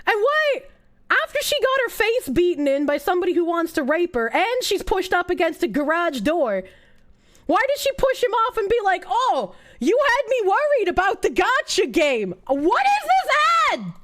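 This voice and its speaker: A woman's voice: very high voice, very animated, normal speed, fairly bright tone. A woman streaming live, reacting in a sarcastic, incredulous and profane way with frequent laughs. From United States. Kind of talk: casual livestream reaction.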